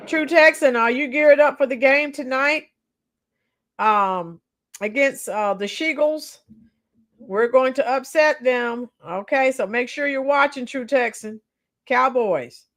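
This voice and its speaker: A woman's voice: sits high, measured pace, a bit bright. Chatty woman livestreamer. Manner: reads viewer comments aloud and chats with viewers. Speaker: livestream host. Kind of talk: casual livestream commentary.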